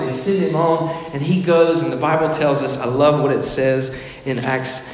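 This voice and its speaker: A man preaching a sermon as pastor. He moves between emphatic preaching and soft, personal storytelling. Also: medium pitch, steady tone, moderate pace, hardly any pauses, a little hiss or hum. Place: church sanctuary. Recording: echoey hall, faint ambience.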